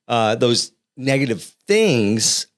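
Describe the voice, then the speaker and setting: A man's voice: medium pitch, very animated, takes it slowly. Laid-back middle-aged man with Boston accent. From Boston area. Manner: laid-back, meandering storyteller. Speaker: podcast co-host. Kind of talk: casual chat.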